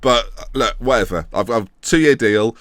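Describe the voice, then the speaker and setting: A man's voice: mid-range voice, measured pace, fairly bright tone, dry recording. A young man casually commentating on a game he is playing, chatty, playful and self-mocking. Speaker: gaming channel host.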